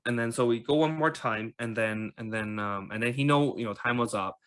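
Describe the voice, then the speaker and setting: A man's voice: mid-range voice, a little fast, fairly bright tone. A Canadian man in his thirties talking casually as a podcast host, with lots of fillers and repeated words. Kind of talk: casual conversational chat.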